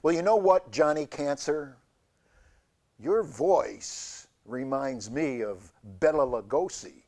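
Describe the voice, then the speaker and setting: A man hosting a community TV show, telling a rambling comic monologue in a halting deadpan way with many fillers. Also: fairly high pitch. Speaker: show host. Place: community TV studio.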